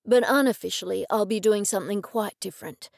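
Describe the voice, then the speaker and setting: A woman narrator voicing a protective male detective who speaks in a hesitant, earnest and soft way. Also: medium pitch, a little fast, gravelly, dry recording, clean studio sound. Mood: explaining.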